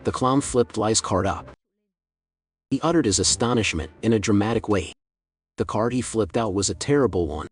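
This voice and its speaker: Husky male recap narrator. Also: on the low side, no room sound.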